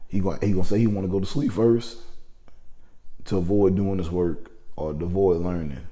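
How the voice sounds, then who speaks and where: A man's voice: fairly low pitch, mellow. A man telling a personal story in a casual, profane, rambling monologue, often restarting his sentences.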